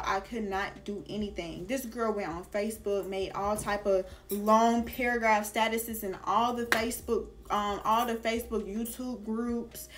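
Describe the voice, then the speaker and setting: A young woman vlogger telling a casual storytime, slangy and chatty with lots of "like" and "girl". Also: fairly high pitch.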